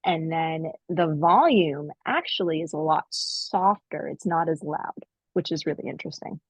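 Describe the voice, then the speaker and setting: A woman co-hosting a podcast, telling stories in casual chat and acting out quotes in high voices. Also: moderate pace, breathy edge, no echo, low-quality recording. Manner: animated storyteller, acts out quotes in high voices. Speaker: podcast co-host.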